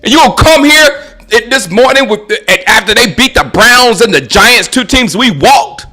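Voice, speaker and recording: A man's voice: very high voice, lively intonation, a little slow, pushed and bright, faint music behind. A man hosting his own live stream, ranting about football in a casual, mocking way, often laughing and restarting his sentences. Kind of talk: casual sports rant.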